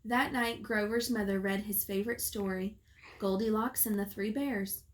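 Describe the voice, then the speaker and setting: A woman teacher reading a picture book aloud to children in a calm, clear way. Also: medium pitch, normal speed, a little hiss or hum. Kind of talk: storybook read-aloud.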